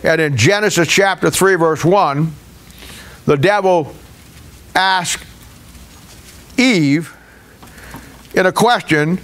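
A man's voice: sits high, takes it slowly, pauses often, fairly bright tone. A man pastor preaching a sermon in a folksy, conversational way, with hesitations.

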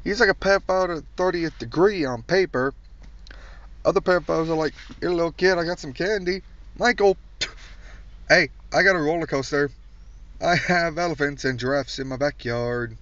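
A man's voice: fairly high pitch, moderate pace, fairly bright tone, no echo. A man doing a profane comedic rant, blunt, crude and mocking. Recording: distant dull recording.

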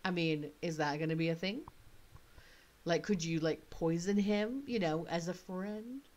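Woman, vlogger, casual chat, thinks out loud, a bit low-pitched. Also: measured pace, lo-fi sound.

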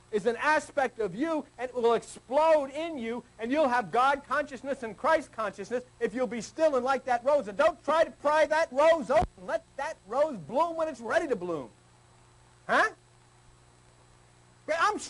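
A man's voice: very high voice, fairly bright tone, poor audio. An older man giving an informal, teasing sermon to a small group, acting out people's prayers in a folksy way. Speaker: spiritual teacher.

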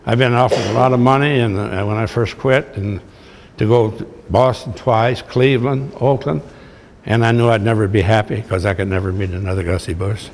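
A man's voice: on the low side, steady tone, normal speed, a little mellow, a little hiss or hum. An older man, a retired baseball manager, telling folksy, blunt stories to an audience in a large hall. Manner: folksy, blunt, salty anecdotes. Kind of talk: storytelling speech to an audience. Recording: echoey hall recording.

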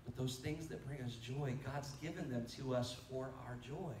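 A man preaches to a conference crowd, telling stories and jumping into animated quoted voices. He sounds set back from the mic in a roomy church hall, with faint noise underneath. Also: medium pitch, normal speed, far from the mic. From United States. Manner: storytelling, animated quotes, laughing asides. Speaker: pastor. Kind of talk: conference sermon. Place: church sanctuary.

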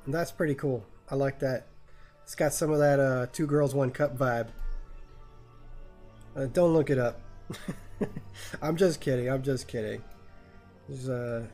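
A man's voice: medium pitch, unhurried, pauses often, a little mellow, faint music behind. Crude joking male game streamer. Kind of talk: live gameplay commentary.

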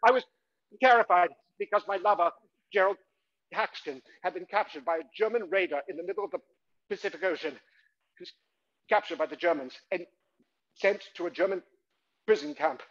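A man's voice: sits high, normal speed, long pauses, a bit bright, pitched above the performer's own voice. A man on stage playing a middle-aged novelist turned spy, who tells of his wartime mission in a grave, anxious first person. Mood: fearful. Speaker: solo stage performer. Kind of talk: one-man stage monologue. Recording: dull live theatre recording.

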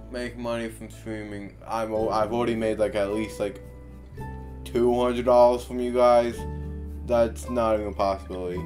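This gaming YouTuber's voice is medium in pitch with a darkish tone. He narrates his gameplay casually, muttering to himself in a weary, grumbly way and cursing frequently.

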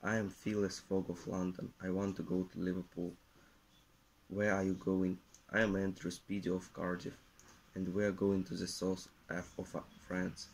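A man reading a story aloud in a careful, halting way. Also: sits low, flat delivery, darkish tone, rough recording. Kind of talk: reading a graded reader aloud.

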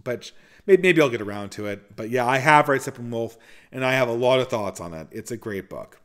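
A man's voice: mid-range voice, lively intonation, fairly quick. A man with a mid-range voice hosts a casual question-and-answer session for his channel. He talks in an opinionated, rambling way and often restarts his sentences partway through. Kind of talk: casual Q&A monologue.

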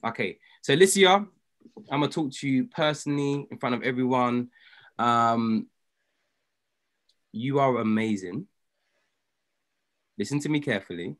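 A man coaching a group on a video call, emphatic and preachy, his voice swinging from loud exhortation to hushed intensity. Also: mid-range voice, animated, unhurried, long pauses.

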